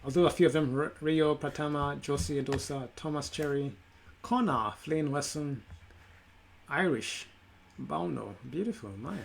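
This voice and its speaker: A man's voice: fairly high pitch, normal speed, creaky, a little hiss or hum. A man hosting a live stream, thanking his followers at length and stumbling over their names. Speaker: host.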